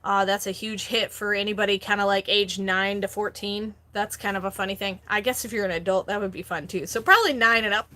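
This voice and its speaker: A middle-aged woman hosting a casual live stream, chatty and quick to laugh as she reads viewer comments aloud. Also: mid-range voice, fairly even intonation, pushed and bright. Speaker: host, online reseller.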